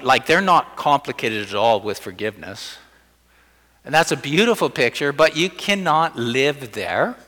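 A man's voice: medium pitch, bright, forceful tone. A man preaching a sermon as pastor, conversational, often acting out little scenes in quoted voices. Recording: long church hall reverb.

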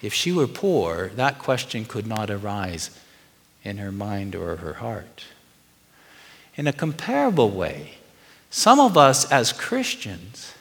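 A man's voice: mid-range voice, fairly bright tone, in a large hall. A middle-aged man preaching a sermon, earnest and conversational, asking the congregation questions as he goes. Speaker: pastor.

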